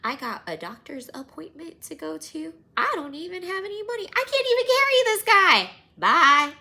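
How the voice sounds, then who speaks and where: A woman voicing a frazzled, busy passerby who rattles off excuses in a flustered voice that climbs higher and higher. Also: sing-song, normal speed, sharp tone, heavily acted. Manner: flustered, rising and squeaky.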